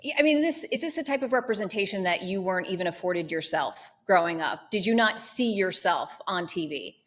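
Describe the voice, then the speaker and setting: A woman of Lebanese background hosting an interview, asking measured, prepared questions. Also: medium pitch, animated.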